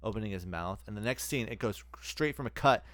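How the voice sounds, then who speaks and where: Laid-back lower-voiced podcast man. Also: expressive, brisk, dry recording. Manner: laid-back, rambling, casual swearing. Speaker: podcast co-host. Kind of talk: casual chat.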